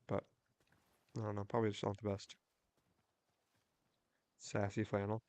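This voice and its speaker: Young man, low-pitched voice, rambling, casual game stream chat, dry close sound. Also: completely flat delivery, a little mellow, no echo. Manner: rambling, storytelling with quick restarts. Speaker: livestreamer. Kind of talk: casual chat while gaming.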